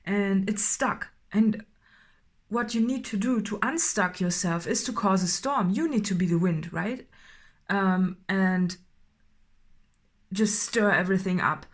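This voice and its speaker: A woman doing an unscripted intuitive tarot reading, halting and filler-heavy, often checking in with "right?" and growing more emphatic as she goes. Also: mid-range voice. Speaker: tarot reader.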